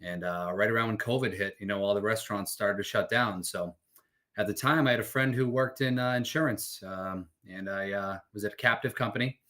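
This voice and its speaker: A young man from the Boston area, a guest on a podcast, talking in a relaxed, laid-back way with plenty of "you know"s. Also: lowish voice, brisk. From Boston area, USA. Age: young adult. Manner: relaxed, laid-back, uses many fillers. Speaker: insurance agent, podcast guest. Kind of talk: casual interview conversation.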